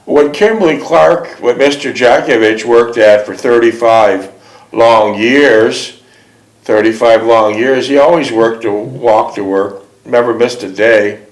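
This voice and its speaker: A man with a mid-range voice hosts a casual interview, speaking a little slowly. He patiently asks his questions and repeats them, and the recording has a roomy echo.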